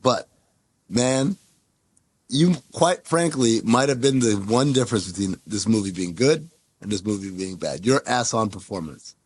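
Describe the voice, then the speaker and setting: A man's voice: fairly low pitch, expressive, unhurried, slightly rough. A man co-hosting a casual movie podcast in a laid-back way, thinking aloud as he goes. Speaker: podcast co-host.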